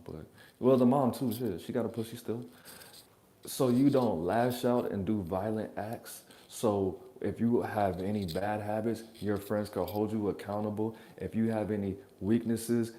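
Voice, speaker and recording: A man's voice: lowish voice, warm tone. A man hosting a reaction channel, rambling through blunt, profane, joking advice in a casual monologue from his apartment.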